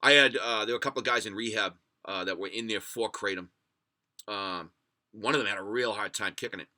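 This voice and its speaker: A man's voice: lowish voice, fairly quick, bright, forceful tone. A man from the United States hosting a livestream podcast, rambling and swearing as he tells stories and reads chat comments. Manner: rambling, profane storyteller reading chat comments.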